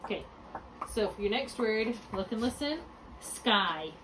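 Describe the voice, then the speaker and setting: A woman tutoring one-on-one in a phonics lesson, patient and encouraging, slowly spelling out letters and sounds. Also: on the high side, expressive. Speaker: reading tutor. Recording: distant mic with clear background hum.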